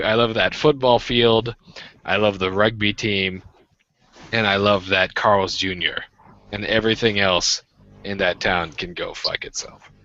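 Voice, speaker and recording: A man's voice: lowish voice, bright, forceful tone, no room sound, highs cut off. A man, chatting and ranting with profanity as a podcast co-host. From Washington state, USA. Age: 20s. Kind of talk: casual chat.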